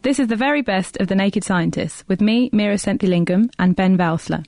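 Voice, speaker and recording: A woman hosting a radio science show, reading scripted links in a crisp way. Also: medium pitch, fairly quick, darkish tone, faint music behind. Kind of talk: scripted presenting.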